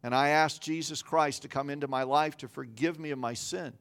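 An earnest male pastor delivering a sermon in a slightly high voice. He speaks plainly to his congregation, often repeating a word or two as he works toward his point. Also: steady tone, fairly quick, a bit bright. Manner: earnest, repeats words as he builds emphasis.

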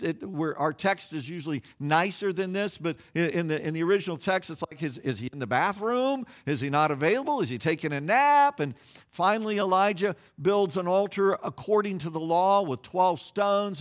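A man preaching a sermon, telling a story in an animated way, acting out quoted voices, with frequent restarts and repeated words. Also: high-pitched. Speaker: pastor.

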